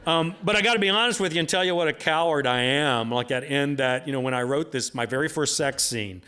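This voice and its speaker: A slightly high, brisk voice, pushed and bright yet clean in tone, belongs to an author at a book event. He tells rambling, self-deprecating stories to the audience, repeats filler phrases often, and laughs at his own jokes.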